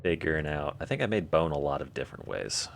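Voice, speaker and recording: A man's voice: very deep voice, big pitch swings, fast talker, vocal fry, slight background noise. A man live-streaming a game, joking and thinking aloud as he answers chat. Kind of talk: casual live-stream chat while playing.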